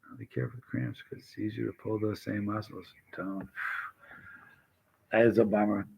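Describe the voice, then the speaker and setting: A man's voice: lowish voice, lively intonation, normal speed, vocal fry, darkish tone, slight background noise, rough recording. A middle-aged man casually telling rambling personal stories, often restarting his sentences and greeting viewers by name. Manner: rambling, self-interrupting, addresses viewers by name. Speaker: vlogger chatting with live chat.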